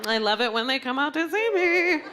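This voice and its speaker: Brash woman comic on a loud stage. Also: sits high, brisk, a crowd in the background. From Puerto Rican heritage. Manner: brash, animated, blunt punchlines. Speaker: stand-up comedian. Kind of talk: stand-up comedy set. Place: comedy stage before a crowd. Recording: live club with loud audience laughter and noise.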